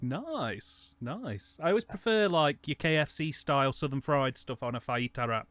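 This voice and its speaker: A man's voice: medium pitch, animated, normal speed, fairly bright tone, no echo. A man co-hosting a casual film commentary, laughing often and talking with animation. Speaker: commentary co-host.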